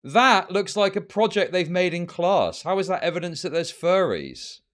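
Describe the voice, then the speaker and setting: A man's voice: high voice, lively intonation, moderate pace, fairly bright tone. A man streaming live commentary, ranting at his chat in heated, profane bursts. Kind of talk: livestream commentary.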